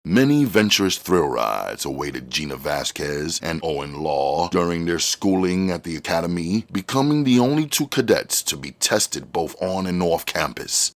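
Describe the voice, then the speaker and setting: A man reading a novel aloud as narrator in a steady, measured way. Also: sits low. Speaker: audiobook reader. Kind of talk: storybook reading.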